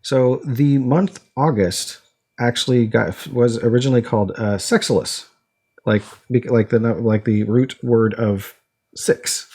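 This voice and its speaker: A man's voice: medium pitch, steady tone, unhurried, darkish tone, husky. Rambling man chatting on a podcast. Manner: rambling, full of restarts and fillers; explains by asking his co-host quiz questions. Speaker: podcast co-host. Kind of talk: casual podcast chat.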